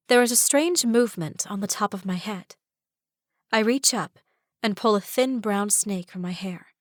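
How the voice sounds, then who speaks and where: Woman narrator for a dramatic fantasy audiobook, mid pitch, dry close-mic sound. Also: no echo. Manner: dramatic, with rising cries in dialogue.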